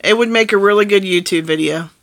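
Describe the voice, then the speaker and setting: A woman family vlogger in casual chat, talking in a rambling, excitable and jokey way. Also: medium pitch, quick pace.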